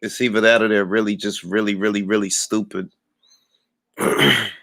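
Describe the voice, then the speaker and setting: A man's voice: fairly low pitch, flat delivery, moderate pace, fairly bright tone, no echo, studio quality. A man hosting a boxing talk livestream, ranting and trash-talking a rival with mocking laughs and greeting chat viewers. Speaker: boxing talk show host.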